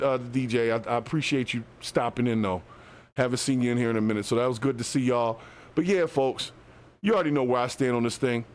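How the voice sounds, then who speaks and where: A man hosting a live podcast, talking loosely and directly to his listeners in slangy casual speech. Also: mid-range voice. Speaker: podcast host.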